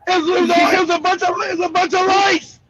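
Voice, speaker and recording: A male host who talks loudly with profanity and often shouts through animated retellings. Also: very high-pitched, fast, heavy background noise. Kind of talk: heated live broadcast talk.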